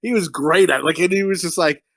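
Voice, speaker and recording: A man's voice: fairly high pitch, fairly quick, gravelly, fairly bright tone, no echo. A man from Connecticut hosting a podcast in casual, profane, rambling banter. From Connecticut, USA. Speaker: podcast host.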